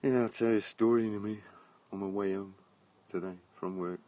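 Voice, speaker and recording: A man's voice: fairly low pitch, steady tone, brisk, warm tone. A middle-aged man from England chatting bluntly on a live stream from his garden, phone held at arm's length, laughing often and swearing. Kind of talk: casual live-stream chat. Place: outdoors in a garden.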